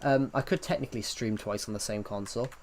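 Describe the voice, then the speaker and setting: A man's voice: mid-range voice, quick pace, slight background noise. A young man chatting casually on a gaming livestream, rambling and correcting himself while answering chat.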